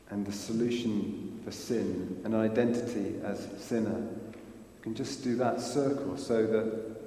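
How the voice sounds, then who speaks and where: A man's voice: lowish voice, dark tone, slight background noise. Man preaching in an echoey hall. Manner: earnest, asks rhetorical questions. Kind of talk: sermon.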